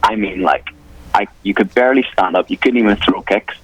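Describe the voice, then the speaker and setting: A young MMA fighter from Northern Ireland, speaking with a Northern Irish accent, answers questions in a phone interview on talk radio. He's confident and blunt and swears casually. His voice is lowish and fairly quick with a breathy edge, recorded with no echo and lo-fi sound.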